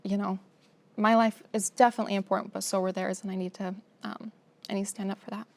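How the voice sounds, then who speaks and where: Creaky-voiced young woman, emotional and halting. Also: mid-range voice, flat delivery, darkish tone. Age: young adult. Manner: emotional, halting, many fillers. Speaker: guest. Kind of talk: personal testimony in a sit-down conversation.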